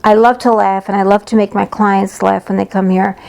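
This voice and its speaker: A woman's voice: medium pitch, flat delivery, brisk, creaky, a little mellow. A woman psychic reader telling stories about her work in a casual, lighthearted, blunt way. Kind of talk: casual personal storytelling.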